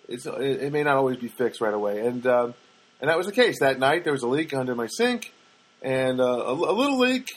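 A man with a voice a little higher than most, talking in a loose, chatty way. He stumbles, restarts and fills pauses as he rambles. He drops in wry asides that poke fun at himself. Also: low-quality recording. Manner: chatty, many fillers and restarts; wry, self-deprecating asides. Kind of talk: casual rambling anecdote.

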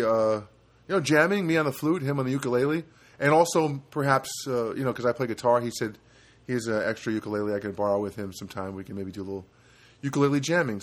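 Rambling man musing to camera. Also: medium pitch. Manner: rambling, with many fillers and self-corrections; wry, self-mocking asides. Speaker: vlogger. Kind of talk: rambling personal monologue.

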